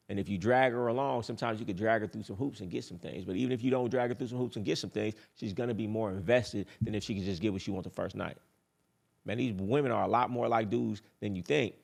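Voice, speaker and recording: A low-voiced man with a gravelly edge delivers a casual dating advice monologue. He talks bluntly and boastfully, swears freely, and hammers his points home by repeating them. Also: quick pace, darkish tone.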